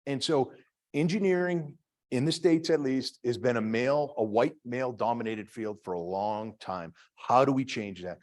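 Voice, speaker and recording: Still addressing the audience, the middle-aged Massachusetts man with the Boston accent keeps his self-deprecating talk loose, with many fillers and restarts. His medium-pitched voice sounds a little mellow at a normal speed.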